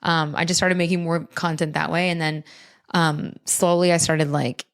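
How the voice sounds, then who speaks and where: Young woman comic guest, lower-pitched, lively storyteller who laughs a lot. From United States. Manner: animated storyteller, laughs often, quick asides. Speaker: comedian and content creator guest. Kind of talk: casual podcast chat.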